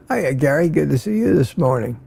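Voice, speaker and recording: A man's voice: on the high side, gravelly, warm tone, husky, dry recording. An older man hosting a casual morning livestream, greeting viewers by name and making wry asides. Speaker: livestream host.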